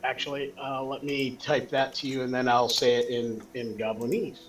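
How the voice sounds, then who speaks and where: A man's voice: mid-range voice, little pitch movement, moderate pace, faint music behind, poor audio. A man playing in a tabletop game session, hesitantly explaining his character's moves with many fillers. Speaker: player.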